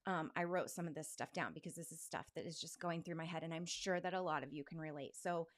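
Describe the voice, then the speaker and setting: A woman's voice: low voice, fast talker. A woman in her forties, a podcast host, talking candidly in a rambling, self-questioning way with many fillers. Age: 40s. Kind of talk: candid personal monologue.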